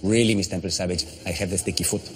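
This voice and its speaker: A man's voice: sits low, steady tone, faint music behind, close to an everyday voice. An actor as an earnest hotel man. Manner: halting English, mixes up words. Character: Spanish hotel staffer, eager, shaky English. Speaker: hotel worker.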